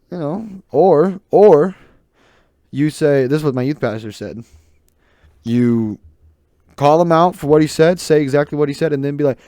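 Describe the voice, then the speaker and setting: A man's voice: a little high, normal speed, pauses often, mellow, dry recording, clean studio sound. A young adult man hosting his own podcast in a rambling, joking, loose and opinionated monologue. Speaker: podcast host. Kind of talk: casual solo podcast monologue.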